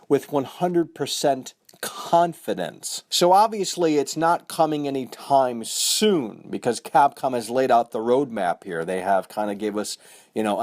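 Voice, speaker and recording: Game-news host, male, slightly high voice, very lively delivery, close dry sound, chatty "folks" patter. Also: no echo. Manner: animated, addresses viewers as folks; repeats "you know what I mean". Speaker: gaming news channel host. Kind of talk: casual video commentary.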